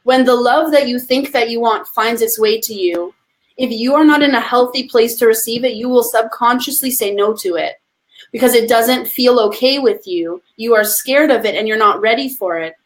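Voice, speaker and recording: A woman's voice: on the high side, moderate pace. Passionate woman coaching on a podcast. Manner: passionate, emphatic, addresses listeners as friends. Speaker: podcast guest, entrepreneurship coach. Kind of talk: conversational podcast interview.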